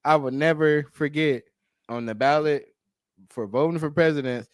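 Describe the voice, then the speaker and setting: A man co-hosting a podcast, talking in a slangy, animated, casual way. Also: on the high side, normal speed, smooth, no echo, studio quality. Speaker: podcast co-host. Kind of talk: casual chat.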